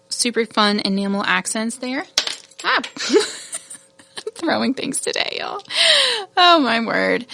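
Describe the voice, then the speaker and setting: A woman's voice: medium pitch, gravelly, bright, forceful tone. A woman hosting a casual product showcase, chatty and gushing, laughing at her own fumbles. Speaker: shop host showing new beads.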